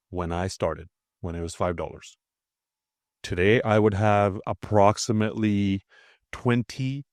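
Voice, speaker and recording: A man's voice: fairly low pitch, a little mellow, no room sound, clean studio sound. A man hosting a crypto channel, talking casually over a price chart with a slightly nasal voice, blunt and swearing, often checking in with "okay?".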